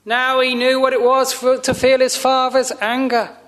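A man preaching a sermon in a slow, solemn, measured way with long pauses, sometimes dropping to a hush. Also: extremely high pitch, monotone.

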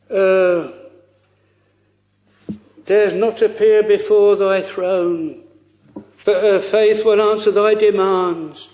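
A man preaching a sermon in earnest, halting speech, with many fillers and old-fashioned phrasing. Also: high-pitched, a little mellow, echoey room, highs cut off.

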